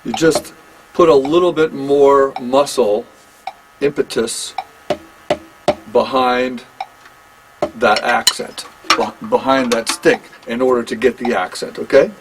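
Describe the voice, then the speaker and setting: A man in his own studio teaching drums one-on-one, talking slowly and patiently. He explains in halting, self-correcting phrases and keeps checking that his student follows. A faint hiss sits under the recording. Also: mid-range voice, fairly even intonation. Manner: slow, halting explanations with restarts and check-ins. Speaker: drum teacher. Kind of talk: one-on-one instrument lesson.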